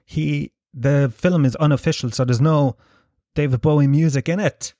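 A man's voice: fairly high pitch, fairly even intonation, moderate pace, mellow, dry recording, clean studio sound. An Irish man hosting a solo podcast, ranting in a sweary, mocking way and laughing often. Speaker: podcast host. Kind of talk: solo comedic podcast rant.

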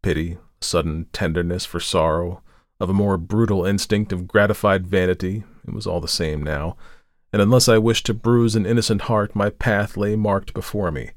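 With a low voice and fairly even intonation, a podcast host performs a story like a dramatic audiobook. He gets louder for the quoted lines and slows during tense passages, and the studio sound is clean with no echo.

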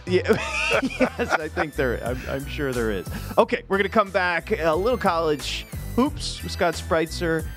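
Lively, joking sports radio host. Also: male voice, fairly high pitch, over music. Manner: jokey, lively, quick to laugh. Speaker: sports betting show host. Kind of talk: casual sports radio banter.

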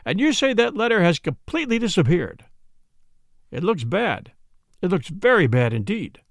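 A man reading the part of a brisk middle-aged police inspector, blunt and questioning, in an audiobook. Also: sits high, big pitch swings, creaky, dry recording, studio quality, exaggerated voice. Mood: probing.

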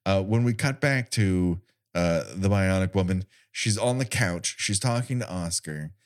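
A young man co-hosts a podcast recapping an old TV episode, trading sarcastic, swearing comedy and mock voices in casual chat. He speaks in a low-pitched, unhurried voice.

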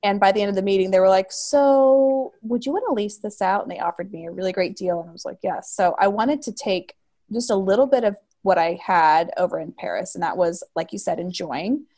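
A bubbly woman in her thirties tells her stories in a lively, chatty way, with a voice of ordinary height for a woman. She fills her talk with "like". Her delivery is animated and warm with enthusiasm. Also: medium pitch, a little fast. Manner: bubbly, lively storyteller, frequent "like". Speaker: guest, cheese shop owner. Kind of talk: casual chat.

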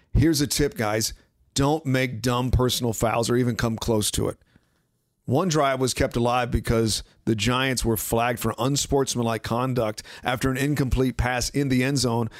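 A man hosting a sports podcast, talking casually and sarcastically, giving betting picks and mimicking others in quick asides. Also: medium pitch, no echo, studio quality. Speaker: podcast host.

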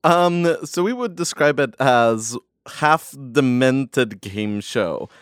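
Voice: mid-range voice, expressive, takes it slowly, clear, resonant tone, no echo. A podcast guest in casual chat, talking in a dry, thoughtful way. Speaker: guest writer.

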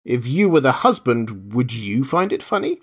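A man's voice: mid-range voice, sing-song, normal speed, husky. A man voicing a stiff, sullen male grandmaster who speaks sharply in clipped, pointed questions. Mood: stern.

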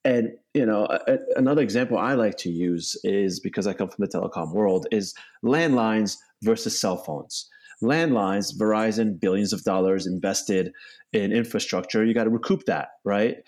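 A bike company co-founder, appearing as a guest in a casual interview, talks in long, loose stretches peppered with "you know" and "right?". His voice sits on the low side with a darkish tone, moving at normal speed.

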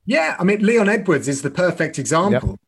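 A middle-aged man speaking earnestly as a guest on a podcast interview. His voice sits slightly higher than most men's, and he often restarts his phrases as he tells stories. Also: lively intonation, fairly quick, husky. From United Kingdom. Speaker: MMA commentator and guest.

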